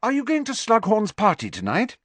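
A man voicing a clever teenage girl who talks brightly and with pointed sweetness. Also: sits high, huge pitch swings, a little fast, breathy edge, no room sound, voice pushed up, heavily acted. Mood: pointedly sweet. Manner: bright, emphatic, with a put-on giggle.

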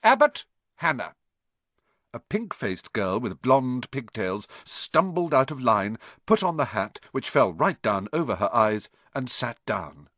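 A man's voice: mid-range voice, big pitch swings, measured pace, hardly any pauses, fairly bright tone, no echo. Man narrating a storybook expressively. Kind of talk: audiobook narration.

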